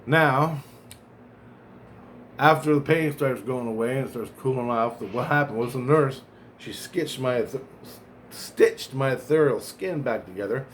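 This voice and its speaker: This man's voice is medium-pitched and unhurried, with a bit of hiss or hum behind it. In his vlog he rambles through a long personal story, cursing, going off on tangents, and repeatedly correcting himself.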